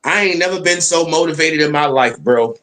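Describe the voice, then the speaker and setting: Man, casual storytelling chat, slangy and profane, animated, fairly high voice. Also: a little fast. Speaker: live stream panel co-host.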